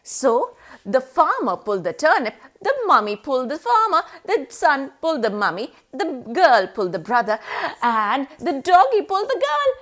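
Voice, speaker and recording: Storyteller woman for small children: high, swooping voice, slow and sing-song, asks the listener questions. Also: sing-song, a bit bright.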